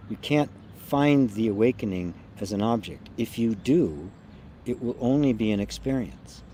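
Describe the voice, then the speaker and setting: Soft-spoken man teaching on a live stream. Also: on the low side, lively intonation, slight background noise. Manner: slow, soft and reflective, often trailing off quietly with gentle laughs. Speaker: spiritual teacher hosting a live satsang. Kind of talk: live-stream talk answering chat comments.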